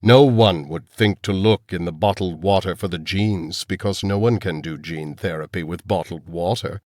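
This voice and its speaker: A man voicing a cold, menacing elderly male villain scientist, speaking slowly and calmly. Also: low-pitched, no echo, clean studio sound, natural voice. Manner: calm, menacing, slow.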